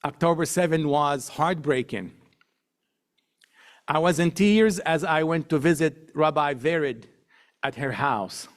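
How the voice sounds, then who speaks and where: Middle-aged guy giving a talk, kinda high voice, hammers points home with repeats and lists. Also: takes it slowly, pauses often. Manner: emphatic, builds points through repetition and lists. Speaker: guest speaker. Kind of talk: public talk to an audience.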